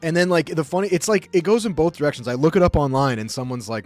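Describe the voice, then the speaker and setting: A man's voice: a little high, fast, a little mellow, faint music behind. Profane, rambling streamer man. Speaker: live streamer. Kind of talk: casual storytelling chat.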